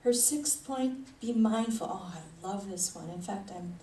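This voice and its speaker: A woman's voice: mid-range voice, unhurried, warm tone. A woman spiritual leader giving a conversational sermon, chuckling often as she talks. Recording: echoey hall, mic at a distance, faint noise.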